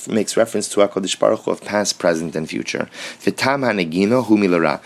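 Man, Torah teacher, lowish voice, slow readings, English explanations. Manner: reads Hebrew passages slowly, then explains in English.

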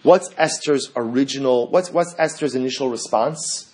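A man teaching a Torah class, quoting Hebrew sources and translating them in a lively lecturing way. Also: medium pitch, moderate pace, husky. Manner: animated, quotes Hebrew texts and translates them.

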